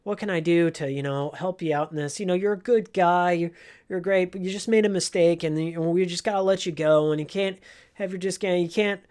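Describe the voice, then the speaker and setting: A man voicing his old store manager in an everyday tone, halting and fumbling for words. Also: high voice, fairly even intonation, a little mellow, smooth, lightly acted. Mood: flustered. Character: awkward male store manager firing someone.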